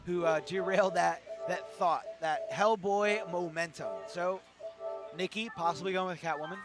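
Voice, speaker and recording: A male esports commentator with a high voice, worn and hoarse from long hours on the mic. He explains game mechanics in an eager, self-correcting way. Music plays clearly behind him at the venue. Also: fairly even intonation, normal speed. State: hoarse, losing his voice. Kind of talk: live tournament commentary. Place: tournament venue.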